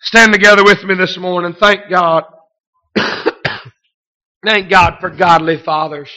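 A male preacher giving an impassioned sermon, telling stories with frequent amens and hallelujahs, swinging between hushed narration and shouted cries. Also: sits high, steady tone, slow pace.

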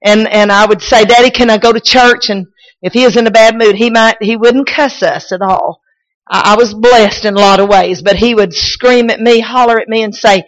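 A woman preacher, shouting and crying out in a sermon, then telling folksy stories with many restarts. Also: fairly high pitch, fairly even intonation, moderate pace, low-quality recording. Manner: folksy storytelling with repeats and restarts. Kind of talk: sermon with personal testimony.

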